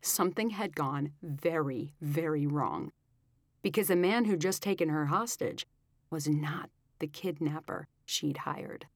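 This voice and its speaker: A woman reading an audiobook aloud in a measured, dramatic storytelling manner. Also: low-pitched, no echo, studio quality. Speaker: audiobook narrator. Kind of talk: scripted narration.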